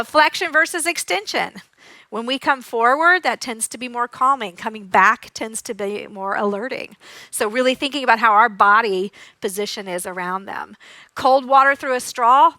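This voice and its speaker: A woman occupational therapist giving a lively, demonstrative conference talk, acting out sounds and giggling as she teaches. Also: high voice, no echo. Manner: giggles often while teaching. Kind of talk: live conference presentation.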